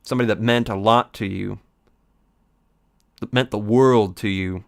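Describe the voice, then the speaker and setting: A man's voice: lowish voice, fairly even intonation, normal speed, creaky, dry recording, studio quality. A man doing let's play commentary, rambling in a theatrical, mock-dramatic way.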